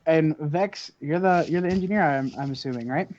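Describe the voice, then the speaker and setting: A man's voice: a little high, fairly quick, darkish tone. A man narrating as game master of a tabletop game, in loose, hesitant speech full of fillers. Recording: dull lo-fi recording.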